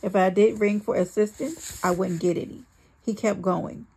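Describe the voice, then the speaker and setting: Brief: a woman of medium pitch with a gravelly voice, reading a memoir steadily in the first person. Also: fairly even intonation, normal speed, darkish tone. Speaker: memoir reader.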